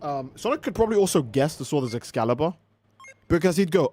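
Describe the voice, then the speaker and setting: Animated, profane man streaming a game. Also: fairly high pitch, quick pace, dry recording. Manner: animated, profane, exasperated ranting. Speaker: livestream gamer host. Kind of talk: casual livestream chat.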